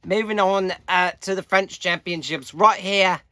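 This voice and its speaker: A man giving a casual, halting competition update, full of fillers and pauses. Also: high voice, sharp tone, dry recording, clean studio sound. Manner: halting, many fillers, unhurried.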